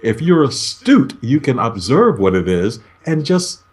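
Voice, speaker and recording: A man talking over a video call as a negotiation expert, his pitch rising and falling a lot as he explains. He speaks in a measured way and acts out little sample greetings. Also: very animated, a little mellow.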